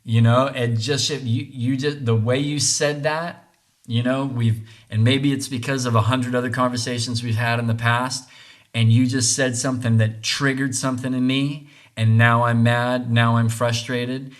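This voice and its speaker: An earnest man speaking as a podcast host, thinking aloud about relationships. He circles back, restarts his phrases and keeps checking in with a quick "right?". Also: mid-range voice, little pitch movement. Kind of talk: reflective monologue on relationships.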